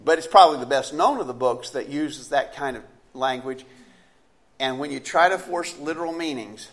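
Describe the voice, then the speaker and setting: A man's voice: mid-range voice, normal speed. A man preaching a sermon in a conversational, storytelling way, asking the listeners questions and restarting phrases as he goes.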